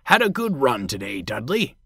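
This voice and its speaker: A man doing a gentle, hopeful diesel. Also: mid-range voice, sing-song, slow pace, no room sound, studio quality, exaggerated voice. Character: earnest, good-natured male diesel engine.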